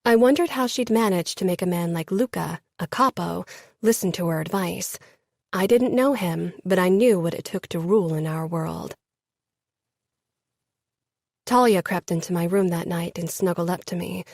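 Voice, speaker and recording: A woman's voice: lowish voice, moderate pace, vocal fry, darkish tone, no room sound, studio quality. A woman reading a first-person romance novel as an audiobook narrator, lifting her voice slightly for the characters.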